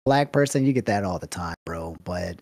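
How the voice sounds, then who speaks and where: Chill slangy dude hosting a chat, trails off soft, dry mic. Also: male voice, sits low, lively intonation, moderate pace, no echo. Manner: laid-back, slangy, trails off quietly. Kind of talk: casual commentary chat.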